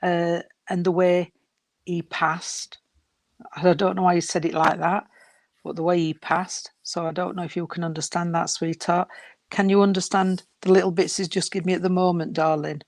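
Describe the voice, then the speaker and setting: A woman giving a spirit reading to a sitter, gentle and unhurried, often calling her sweetheart and darling. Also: on the low side, little pitch movement, no echo. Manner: unhurried, halting delivery. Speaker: psychic medium.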